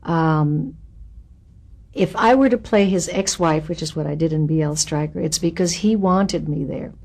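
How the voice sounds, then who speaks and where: A woman being interviewed as an actress, telling anecdotes in an animated, expressive way and acting out the quotes. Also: low-pitched, moderate pace. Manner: animated, expressive storyteller who acts out quotes.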